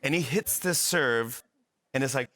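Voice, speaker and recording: A man's voice: mid-range voice, a little slow. A man guesting on a TV talk show, animatedly telling a funny anecdote and acting out the dialogue. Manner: animated storyteller, acts out dialogue. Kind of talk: comic anecdote. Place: TV studio.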